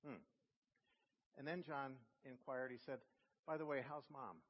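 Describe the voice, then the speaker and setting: A male pastor giving a sermon, telling a story with slow, emphatic phrasing. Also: mid-range voice. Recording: long reverb in a church hall, dull lo-fi sound.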